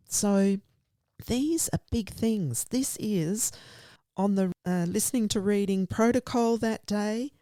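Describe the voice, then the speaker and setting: A woman's voice: lowish voice, mellow, dry recording. A woman guest speaker explaining literacy teaching in an earnest, emphatic way, often in lists. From Australia. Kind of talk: conversational explanation.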